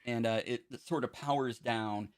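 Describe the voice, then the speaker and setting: A man narrating a tabletop game as game master, relaxed and chuckling, with loose fillers. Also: mid-range voice, a little slow, clean tone.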